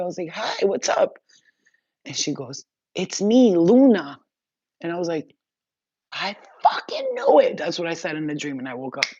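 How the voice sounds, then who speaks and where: A woman's voice: low-pitched, a little mellow, no echo. A woman spiritual healer chatting casually on a livestream, reassuring and blunt, with a sweary streak. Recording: dull, dry lo-fi sound.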